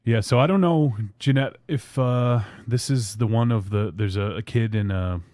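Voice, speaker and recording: A man's voice: mid-range voice, normal speed, a little mellow, dry recording. A man hosting a casual podcast, reading fan tweets aloud in a loose, rambling way. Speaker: podcast host.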